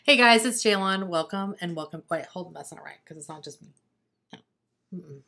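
A woman's voice: lowish voice, animated, brisk, bright, forceful tone. A woman in casual on-camera chat, teasing and chatty with a friend. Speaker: co-host of makeup channel collab.

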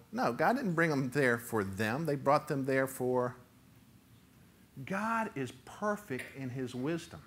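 A middle-aged male pastor in full sermon mode. He preaches with lively swings of pitch and volume, jumping high and loud when he acts out a voice, then dropping low and quiet. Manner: animated preaching, rising loud for quoted voices.

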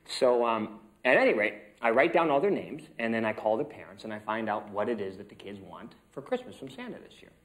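A man's voice: on the low side, very animated, fairly quick, a bit bright. A man acting student telling a rambling personal story in class, chatty and loose.

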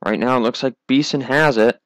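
A man's voice: medium pitch, brisk, no room sound. A young man giving solo play-by-play commentary on a sim racing league, running through positions and replays. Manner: calls positions and replays, rising excitement at restarts.

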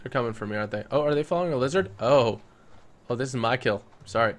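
A man giving playful let's-play commentary on a survival game, excitable and bursting into loud yelling at the game. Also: mid-range voice, fast. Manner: playful, jokey. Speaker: gaming YouTuber.

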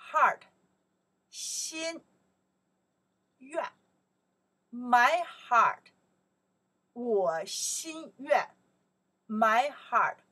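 A woman with a Chinese accent teaching a song lesson, explaining in simple English and singing lyric lines slowly. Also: a little high, bright, forceful tone, slightly rough. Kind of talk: slow song lesson for learners.

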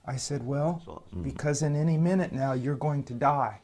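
A man preacher telling a personal story with mounting energy, acting out the quoted exchanges and getting louder as it goes on. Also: medium pitch, moderate pace. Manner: builds from calm to loud, laughing retelling. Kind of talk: animated storytelling.

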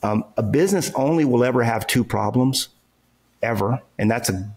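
A man's voice: medium pitch, moderate pace, a little mellow. A man who is a real estate entrepreneur and coach, guest on an interview, explaining his ideas emphatically in casual talk with everyday examples and frequent checks like "okay" and "right".

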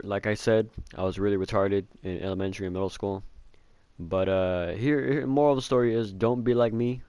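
A man's voice: on the low side, darkish tone, dry recording. A young man telling a casual storytime about his childhood, rambling with lots of filler words and swearing, mocking himself. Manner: self-mocking. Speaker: vlogger.

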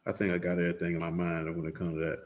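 A man's voice: sits low, completely flat delivery, rapid-fire, darkish tone. Man preaching casually in an echoey room. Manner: talks loosely and directly, often asking "you know what I'm saying". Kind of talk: casual conversational sermon.

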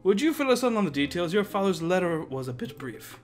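A man voicing a male falcon lawyer, polite and measured. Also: high voice, sing-song. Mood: formal.

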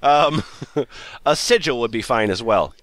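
A man's voice: medium pitch, expressive, unhurried, a bit bright, no room sound. A man hosting a casual comedy podcast, reading a blog post aloud and giggling often as he goes. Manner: giggly, reads aloud with frequent laughs.

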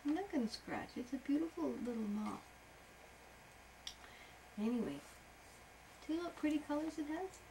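Animated woman telling a children's story. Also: high voice, normal speed, pauses often, a little hiss or hum, rough recording. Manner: animated, playful sound effects, soft asides to the child. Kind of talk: improvised bedtime storytelling.

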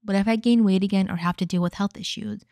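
A woman reading a personal story aloud and then commenting on it in a measured, thoughtful way. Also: mid-range voice, steady tone, warm tone, dry recording. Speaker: storytime narrator.

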